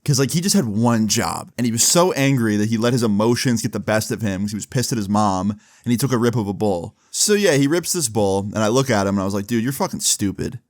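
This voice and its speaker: A man with a fairly low voice tells a story in a casual, laid-back way, with frequent swearing and many uses of 'like'. His voice sounds dry and close, with no room echo. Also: animated, fast talker, hardly any pauses. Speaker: storyteller vlogger.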